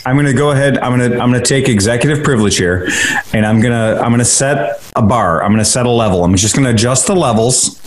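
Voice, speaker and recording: A man's voice: medium pitch, quick pace. A man hosting a casual podcast, swearing freely and reading out a listener's email. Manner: profane, animated, laughs loudly. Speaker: podcast host.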